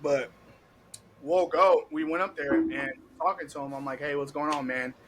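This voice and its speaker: Animated young man telling a story. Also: a little high, normal speed, background noise. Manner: animated, laughing, heavy cursing, acts out quotes. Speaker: podcast host. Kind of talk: casual storytelling.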